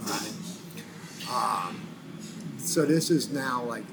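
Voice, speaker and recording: A creaky, mid-range voice drawing out its words belongs to a New Orleans musician, a guest relating his own story in a relaxed interview over background noise. He rambles on, curses without restraint, and imitates whoever he's quoting.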